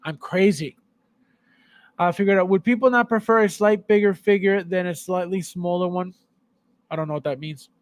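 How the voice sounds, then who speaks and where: A man's voice: high-pitched, moderate pace, no echo. A man hosting a collector's live show, ranting heatedly and sarcastically at viewers, repeating himself in exasperation. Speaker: podcast host. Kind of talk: live stream chat with viewers.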